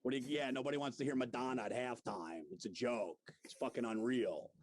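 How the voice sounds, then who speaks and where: A man putting on the voice of a grumpy, crude middle-aged male comedian ranting in a low grumble. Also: brisk, dry recording, lightly acted. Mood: grumbling.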